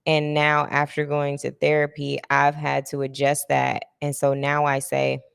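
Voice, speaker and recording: A woman's voice: low-pitched, monotone, a little slow, creaky, smooth, big-room sound. A young woman hosting a casual podcast chat, talking candidly and reflectively, laughing easily. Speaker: podcast host.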